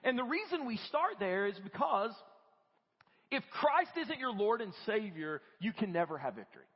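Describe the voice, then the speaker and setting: A man preaching a lively, conversational sermon in a church and acting out what people say. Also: high-pitched, normal speed, husky. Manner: animated, conversational, acts out quoted voices. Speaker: guest preacher. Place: church sanctuary. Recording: dull lo-fi audio with long church reverb.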